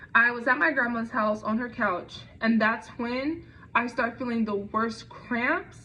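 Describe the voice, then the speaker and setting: A woman's voice: on the high side, sharp tone. A young woman telling a personal story in a conversational way, with frequent fillers and restarts. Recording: dull lo-fi recording.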